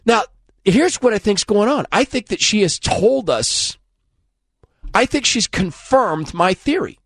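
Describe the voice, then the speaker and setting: Animated sarcastic male radio host. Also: sits high, unhurried, no echo, clean studio sound. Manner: sarcastic, animated, mocking asides. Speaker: radio talk show host. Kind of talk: talk radio monologue.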